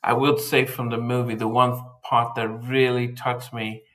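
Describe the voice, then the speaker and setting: A soft-spoken man co-hosting a relaxed film chat. He sounds thoughtful and unhurried, with frequent stammered repeats as he gathers his thoughts. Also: medium pitch. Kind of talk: casual chat.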